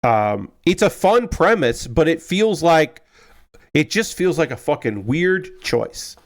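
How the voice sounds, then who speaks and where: A man's voice: on the high side, big pitch swings, slow pace. A man live streaming casual chat as he works a jigsaw puzzle, rambling and digressive and answering his chat.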